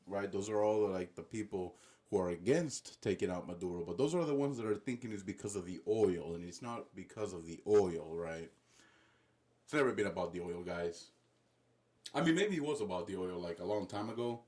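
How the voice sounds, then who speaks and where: A man's voice: low-pitched, animated, moderate pace, dark tone. A man ranting casually on a livestream as political commentator, profane and rambling, constantly saying guys and bro.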